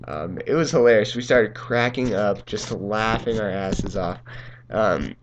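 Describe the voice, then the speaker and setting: A man's voice: lowish voice, a little slow, lo-fi sound, a little hiss or hum. Rambling young man telling a story. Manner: rambling, full of ums and uhs, laughs through lines. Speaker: gaming channel host. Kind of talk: casual storytelling over gameplay.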